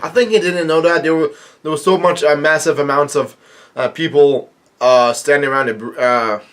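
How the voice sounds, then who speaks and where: Casual comic reviewer: man, fairly high voice, rambling, full of fillers. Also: steady tone, normal speed, fairly bright tone. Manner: rambling, many fillers and restarts. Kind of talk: casual comic read-along with commentary.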